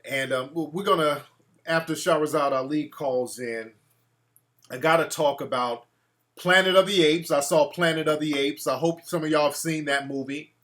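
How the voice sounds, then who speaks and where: A man hosts a loose call-in show in a slightly high voice. He is brash and curses freely as he riffs on his chat and callers. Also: normal speed, a bit bright. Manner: brash, profane, reacts to live chat. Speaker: talk show host.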